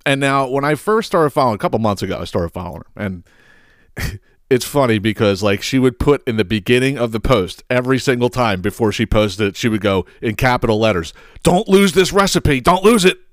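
Here a middle-aged podcast host from southeastern Pennsylvania talks fairly quickly in a lowish voice during a casual solo rant. He rambles through profane anecdotes, laughing often and sounding exasperated. The audio is studio quality with no room sound.

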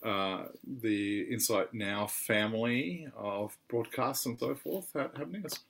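Aussie guy on a podcast, lowish voice, lots of ums and restarts. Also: vocal fry, fairly bright tone. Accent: Australian. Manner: halting, with many fillers and restarts. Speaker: podcast co-host. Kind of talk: casual chat.

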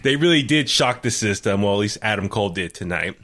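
A young man co-hosting a casual chat show, excitable and laughing often, with plenty of fillers. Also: lowish voice, brisk. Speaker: podcast co-host.

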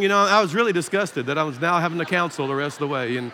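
A Southern American pastor preaching in a long, echoing hall, his voice pitched high for a man and bright in tone. He tells a story with animated, self-deprecating humor and laughs often. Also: racing, few pauses. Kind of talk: sermon with a storytelling anecdote. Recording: echoey hall reverb.

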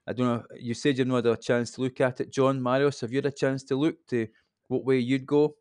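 A man in his fifties, a podcast guest, explaining things in a relaxed, rambling casual chat. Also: medium pitch, brisk, smooth, no echo, studio quality. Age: 50s.

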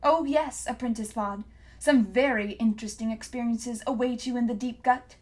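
A woman reading an audiobook, voicing a tall, smug male engineer who gives sharp, menacing commands. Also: on the high side, steady tone, normal speed, natural voice.

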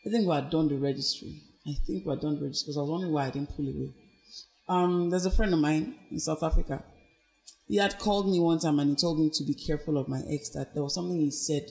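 A woman speaking as a podcast guest about her own experiences. She tells her story in an earnest, reflective way. She brings the quoted voices of others to life with lively, expressive shifts in pitch. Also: quick pace. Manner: animated, acts out quoted speech with big pitch swings. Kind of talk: personal storytelling in conversation.

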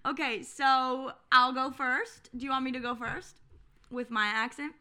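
Young woman podcast co-host, bright and a bit high, giggly and chatty. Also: steady tone, unhurried, clear, resonant tone. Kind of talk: casual chat.

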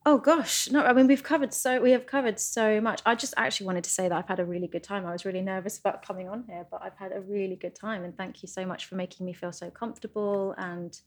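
A woman's voice: medium pitch, steady tone, quick pace, hardly any pauses. A woman who is a guest on a podcast, speaking in a friendly, earnest way and sometimes restarting her sentences. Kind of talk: casual interview chat.

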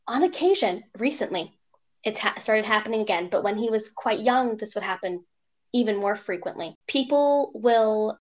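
A young woman co-hosting a casual podcast, telling stories in an animated way and mimicking strangers' voices. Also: mid-range voice, moderate pace. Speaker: podcast co-host. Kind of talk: casual chat.

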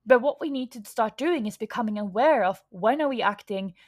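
A woman's voice: a little high, lively intonation, brisk. Frank, chatty woman podcast host. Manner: frank and chatty, swears freely, acts out quoted inner voices. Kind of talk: casual coaching monologue.

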